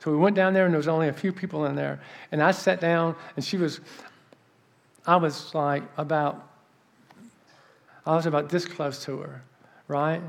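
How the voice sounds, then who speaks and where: A man giving a sermon as an earnest, animated story, dropping soft for emphasis. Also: fairly high pitch, normal speed, creaky. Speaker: preacher.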